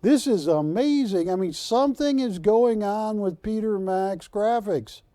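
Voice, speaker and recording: A man hosting a live shopping channel, pitching art to callers with persuasive repetition. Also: a little slow, warm tone, dry recording, clean studio sound. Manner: persuasive, repeats words for emphasis. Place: TV studio.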